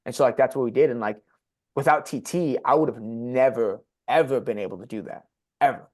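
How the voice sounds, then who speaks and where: A man's voice: mid-range voice, a little fast. A young man candidly telling a personal story on a podcast, blunt and profane, with lots of "like" fillers. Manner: blunt and profane, heavy use of "like". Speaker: podcast guest sharing his story.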